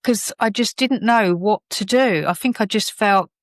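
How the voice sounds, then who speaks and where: A woman's voice: mid-range voice, measured pace, no room sound. A middle-aged British woman, a podcast guest, telling her personal story candidly in a rambling way with many fillers and restarts.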